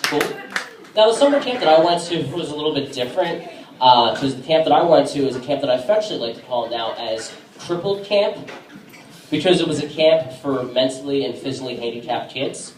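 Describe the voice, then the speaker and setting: A man works through a stand-up set at a bar, talking casually with lots of ums and restarts. His voice sits at a middle pitch and comes from some way off the recorder. The room echoes around him, and a faint hum of ambience runs underneath. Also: lively intonation, recorded from a distance. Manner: casual, halting delivery with many fillers. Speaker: stand-up comedian. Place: comedy bar stage.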